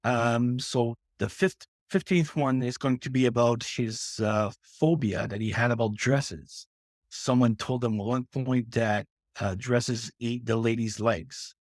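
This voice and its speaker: A man's voice: medium pitch, steady tone, measured pace, no echo. A middle-aged man from Canada, a guest author speaking earnestly in a casual interview, with many restarts and fillers.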